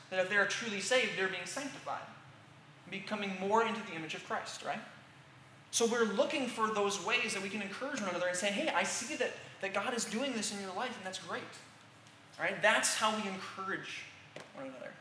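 A man's voice: high voice, bright, forceful tone. Earnest preacher man in an echoey room. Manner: earnest, repeats "all right?" often, many restarts. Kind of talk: sermon. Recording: roomy echo with faint background hiss.

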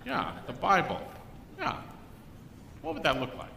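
A man's voice: unhurried, vocal fry. An older man, a guest speaker, giving a Christian apologetics talk to a live audience and acting out the people in his stories. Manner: animated storyteller who acts out quoted people. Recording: echoey hall with faint rumble.

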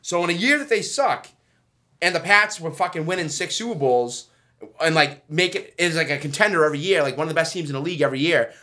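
A man's voice: on the high side, lively intonation, fast, pushed and bright. A young man from Massachusetts, co-hosting a podcast with joking, swear-filled banter. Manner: swearing, joking, talks over others. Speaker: podcast co-host. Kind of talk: casual banter.

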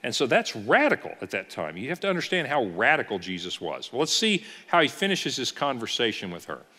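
Man, pastor teaching a class, lively up-and-down voice, bright tone, long church-hall reverb. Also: medium pitch, brisk. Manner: animated storytelling, rhetorical questions. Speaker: executive pastor.

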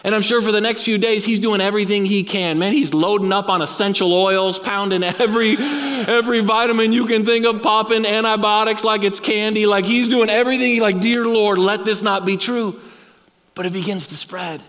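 A man preaching a sermon with dramatic storytelling, dropping low and quiet for emphasis. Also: steady tone, brisk, hardly any pauses, big-room sound.

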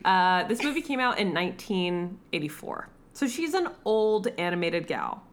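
Chatty, low-voiced woman podcast host. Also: normal speed. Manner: chatty, animated, swears casually. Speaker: podcast co-host reviewing a film. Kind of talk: casual chat.

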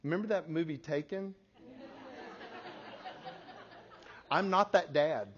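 A man in his forties giving a talk to an audience, telling a family story in an animated way and laughing at his own stories. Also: high-pitched, very slow, crowd noise. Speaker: speaker. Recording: slightly muffled lo-fi recording.

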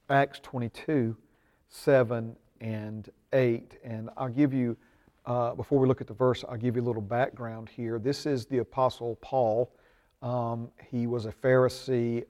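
A man's voice: mid-range voice, warm tone. A man teaching a church discipleship class, earnest and full of ums, rising with emphasis when he reads scripture aloud. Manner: frequent ums and uhs; prays aloud.

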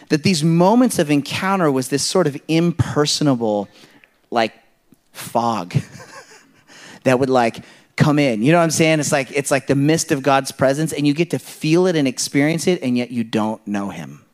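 A man in his thirties preaching to a church congregation, telling personal stories in a loose, conversational way full of asides and fillers. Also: medium pitch. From Kenya. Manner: conversational, rambling storyteller with frequent "like" and "you know". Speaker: pastor. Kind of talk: sermon.

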